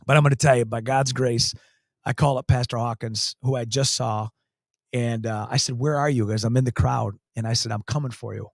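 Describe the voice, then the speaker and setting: A man's voice: mid-range voice, steady tone, fairly quick, creaky, dry recording, studio quality. A man, a county sheriff, telling a story in an interview, emphatic and earnest, repeating key phrases. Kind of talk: storytelling in a talk show interview.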